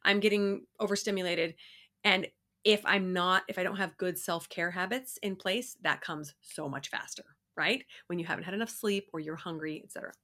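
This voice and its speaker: A woman's voice: fairly low pitch, moderate pace, sharp tone. A middle-aged woman co-hosting a podcast, chatting earnestly and laughing often. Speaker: podcast co-host. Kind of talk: casual chat.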